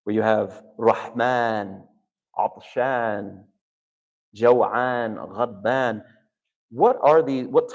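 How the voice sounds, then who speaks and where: A man's voice: on the low side, creaky, a little mellow, husky, lo-fi sound. A man lecturing a seminar class on Arabic and scripture, quizzing his listeners with questions as he goes. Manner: engaging, quizzes the audience with questions.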